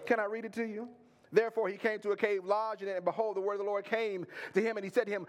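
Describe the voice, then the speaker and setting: A male pastor preaching a sermon, swinging between fervent rising passages and low, intimate stretches. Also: steady tone, fast.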